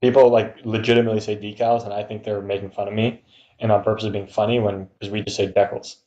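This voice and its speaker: Mellow-voiced man on a dull, echoey mic. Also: on the low side, little pitch movement, quick pace. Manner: easygoing, laughs often. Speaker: podcast co-host. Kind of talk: casual chat.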